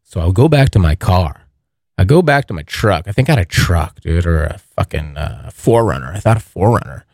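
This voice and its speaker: Rambling, cursing young man, lively pitch. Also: moderate pace, no room sound, studio quality. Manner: profane, rambling, addresses listeners as bros. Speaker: podcast host. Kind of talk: casual storytelling monologue. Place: basement near a furnace.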